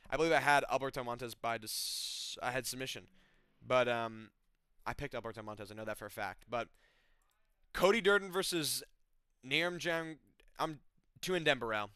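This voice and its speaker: A man's voice: medium pitch, animated, moderate pace, long pauses, bright, forceful tone, clean tone, no room sound, studio quality. A young man recapping fights in a rambling, profane, casual way, often correcting himself. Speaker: MMA fight reviewer.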